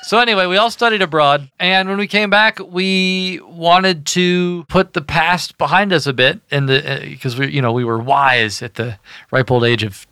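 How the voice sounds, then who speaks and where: Brief: young man, podcast co-host, teasing storyteller, bright tone, dry sound. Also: on the high side, normal speed, clean tone, dry recording. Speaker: band member co-hosting a podcast. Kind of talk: casual chat.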